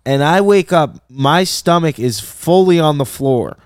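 Man, podcast co-host, casual storytelling, animated, acts out quoted voices, high and smooth voice. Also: unhurried, no echo, clean studio sound.

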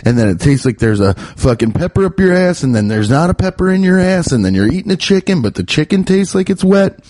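Solo comedy host from the Midwest, profane and rambling, dry close sound. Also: male voice, on the high side, sing-song, brisk, a little mellow, dry recording. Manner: rambling, profane, laughing at his own jokes. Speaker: podcast host. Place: at home by a window.

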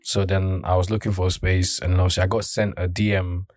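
A young man telling a story in quick, animated podcast chat, repeating words as he goes. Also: low-pitched. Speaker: studio co-runner and podcast guest.

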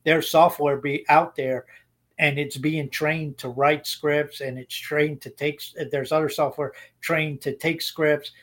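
A man's voice: fairly high pitch, flat delivery, unhurried, a bit bright. A man co-hosting a podcast, giving blunt opinions in casual chat and rambling with frequent restarts. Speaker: podcast co-host.

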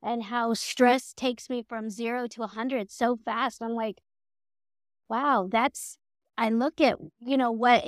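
Animated middle-aged woman co-host. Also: a little high, no room sound, studio quality. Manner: animated, acts out quoted voices, laughs often. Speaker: podcast co-host. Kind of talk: casual chat.

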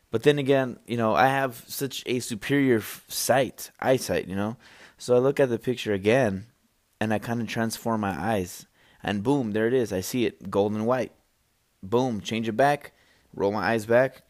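A man's voice: mid-range voice, moderate pace. A young man hosting a solo podcast, rambling and joking with lots of fillers and restarts. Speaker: podcast host. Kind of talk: solo casual chat. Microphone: podcast microphone.

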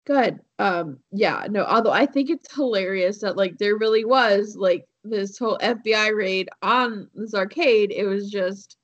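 A woman's voice: mid-range voice, measured pace, few pauses, muffled recording. A woman co-hosting a podcast, telling a story in casual chat with lots of fillers and laughs. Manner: rambling with many fillers and laughs. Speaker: podcast co-host.

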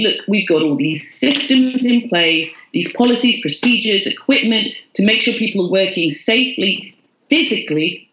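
A woman's voice: medium pitch, fairly bright tone, reverberant, rough recording. A woman, a podcast guest telling her story candidly and with self-mockery. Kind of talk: casual storytelling.

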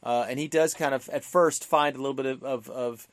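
A man's voice: medium pitch, steady tone, fairly quick, dry recording. Casual male podcast co-host, talkative, fillers and restarts, dry close mic. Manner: chatty, many fillers and restarts, acts out quotes. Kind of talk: casual film discussion.

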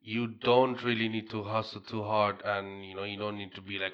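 A man from Bangladesh hosting a podcast in casual, slangy chat, animated and quick to laugh. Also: on the low side, muffled recording. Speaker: podcast host.

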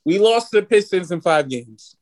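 A man in his twenties hosting a podcast, ranting excitedly and swearing freely in casual sports chat. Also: sits high, moderate pace. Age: 20s. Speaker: podcast host.

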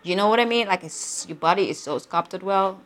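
A young woman hosting a casual solo podcast, expressive and frank, swearing freely and laughing often. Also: mid-range voice, fairly quick. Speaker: podcast host.

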